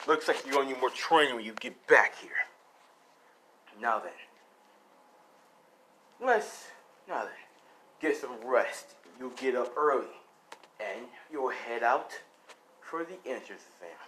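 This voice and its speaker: A man's voice: medium pitch, animated, unhurried, pauses often, pushed and bright, slight background noise. A man voicing a stern, ruthless male martial arts grandmaster in clipped, commanding lines.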